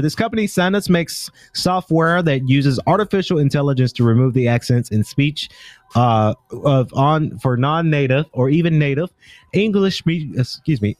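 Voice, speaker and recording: A man's voice: medium pitch, darkish tone, no echo. A man from the United States hosting a podcast, talking through the news in a loose, rambling way and stopping often to correct himself. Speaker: podcast host. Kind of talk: casual podcast commentary.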